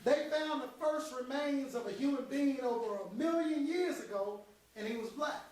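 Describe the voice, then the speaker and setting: A man's voice: very high voice, moderate pace, darkish tone. An actor on a theater stage playing a veteran male stand-up comic who teases the crowd and then turns reflective. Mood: earnest. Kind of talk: live stage stand-up impression. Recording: very echoey hall heard from far off.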